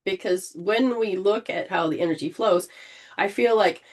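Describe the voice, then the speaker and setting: A woman leading an informal spiritual healing session, gently coaching and often restarting her sentences. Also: medium pitch, moderate pace. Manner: rambling, with frequent restarts and throat clearing.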